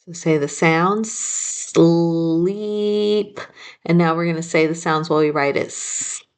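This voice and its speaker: A woman's voice: low-pitched, fairly even intonation, faint music behind. A woman teaching a phonics spelling lesson, patiently sounding out each word. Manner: slow, patient, sounding out words.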